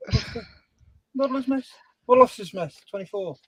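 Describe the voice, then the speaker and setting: A man hosting a relaxed livestream, chatting and reading out viewers' names. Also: very high-pitched, moderate pace, slightly rough, no room sound. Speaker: livestream host. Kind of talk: casual chat on a modelling stream.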